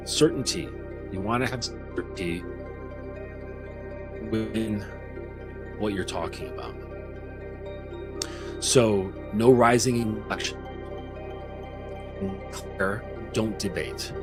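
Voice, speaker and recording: A lowish male voice delivering a coaching talk in a slow, measured way, blunt and peppered with casual swearing. Soft new-age music plays clearly in the background. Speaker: men's coach.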